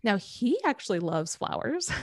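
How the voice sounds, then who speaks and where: Middle-aged woman coach, kinda gravelly low voice, animated storytelling, dry close mic. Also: a little slow, no echo. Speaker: Enneagram coach. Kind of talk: conversational podcast talk.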